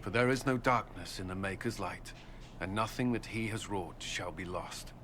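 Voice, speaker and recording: An actor playing an earnest, devout male army commander in a video game, soft-spoken and at times hushed. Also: sits low, moderate pace, noisy background, natural voice. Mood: reverent.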